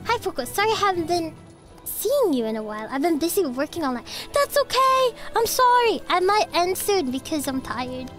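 A woman's voice: high voice, lively intonation, brisk. A sick, coughing woman streamer chatting casually with viewers as she plays, giggly and swearing a lot. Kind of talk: casual live-stream chat while gaming. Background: game music.

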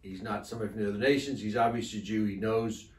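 A man's voice: lowish voice, fairly even intonation, racing. A man co-leading a church Bible study, reflecting aloud and often starting his thoughts with a repeated "I think". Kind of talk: conversational Bible teaching. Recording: echoey room, distant mic.

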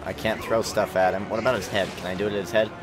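A man's voice: on the low side, fast talker. Chatty young man commenting on a game. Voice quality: chatty, excitable, self-mocking. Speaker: gaming commentator. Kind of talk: casual let's-play commentary.

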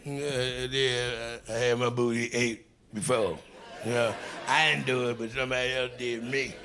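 A man performing crude, animated stand-up comedy on stage, shouting punchlines before a live audience. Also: mid-range voice, moderate pace. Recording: live stand-up with crowd laughter.

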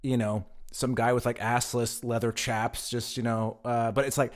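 A man's voice: medium pitch, flat delivery, normal speed. Chatty American man telling stories. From United States. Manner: chatty storyteller, repeats words when starting sentences. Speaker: podcast guest. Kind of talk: casual chat.

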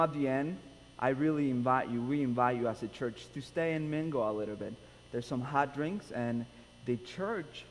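A man with a Nicaraguan Spanish accent leads a church service as pastor, informal and self-deprecating in his humor. His mid-pitched voice carries a long reverberant tail from the church hall, and a faint hum sits underneath. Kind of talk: friendly church welcome and sermon. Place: church sanctuary.

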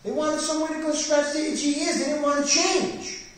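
A man's voice: very high-pitched, little pitch movement, a little fast. A man pastor leading a Bible study sermon in a church, preaching fervently with rising emphasis. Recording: echoey church hall, distant mic.

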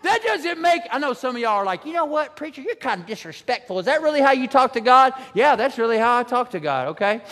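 Man, preacher, very high voice, shouting for emphasis, long church reverb. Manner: animated, shouts lines for emphasis, stretches words slowly. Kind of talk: sermon. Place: church sanctuary.

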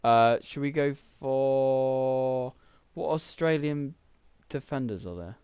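A man's voice: medium pitch, slow, darkish tone, smooth, no echo. A young man, rambling through casual gameplay commentary while thinking aloud with lots of fillers. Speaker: gaming YouTuber.

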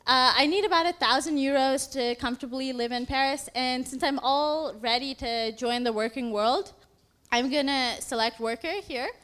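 Young woman, high voice, upbeat app demo presentation, chatty with small fillers. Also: moderate pace, a bit bright. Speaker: student presenting a project.

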